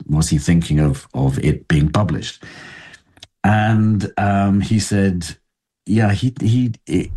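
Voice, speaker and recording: An older man speaking as an interview guest, thoughtful and halting, with frequent restarts. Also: sits low, dark tone. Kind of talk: reflective interview talk.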